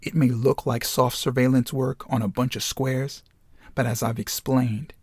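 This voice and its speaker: A man reading as a sharp, commanding spymaster woman. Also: mid-range voice, flat delivery, unhurried, husky, no room sound. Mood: stern. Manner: curt, cutting.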